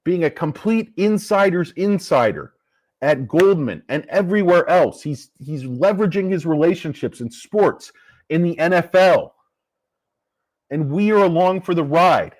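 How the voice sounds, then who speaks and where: Man hosting a stock show, combative and cussing, lively swinging delivery, fairly high voice. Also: measured pace. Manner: profane, combative. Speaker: stock market commentator. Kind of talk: casual investing rant.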